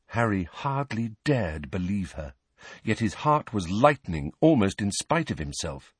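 A man narrating an audiobook with an expressive, storytelling delivery. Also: fairly low pitch, measured pace, breathy edge, no room sound. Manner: expressive, lively reading. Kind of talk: scripted narration.

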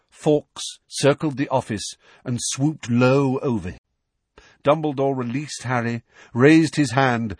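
Male audiobook narrator, husky, lively pitch, dry close mic. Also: dry recording. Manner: steady, expressive reading.

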